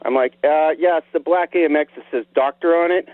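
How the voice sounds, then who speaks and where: A man's voice: fairly high pitch, a little fast, dry recording. A man calling in to a radio show who tells an embarrassing story in a sheepish, laughing way. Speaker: caller. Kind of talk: call-in storytelling. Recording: dry phone line.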